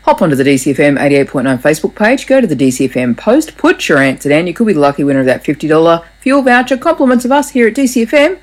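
Female presenter, lively promo read, low-ish and animated. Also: quick pace, few pauses. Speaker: radio presenter. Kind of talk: radio competition promo.

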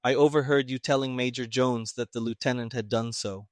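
Man voicing a calm detective, toneless, flat delivery, unhurried, dry close sound. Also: medium pitch, dry recording, natural voice.

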